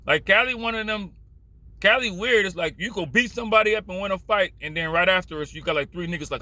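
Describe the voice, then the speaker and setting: A man with a Californian accent talks in a bright, forceful voice pitched a little high. He rambles bluntly and swears freely, giving casual street commentary straight to his viewers. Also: brisk. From Richmond, California. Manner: blunt, profane, rambling storytelling.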